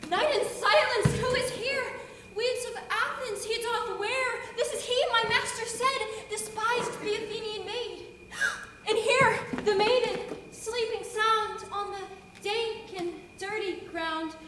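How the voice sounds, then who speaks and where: A woman's voice: extremely high pitch, takes it slowly, noisy background. A woman playing a mischievous young fairy sprite, speaking rhyming verse on stage in an echoey hall, recorded from far off. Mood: excited.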